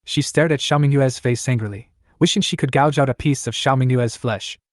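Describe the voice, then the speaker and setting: A man reading a story recap as scripted narration, in an even, plain voice. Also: medium pitch, a little fast, no room sound, clean studio sound.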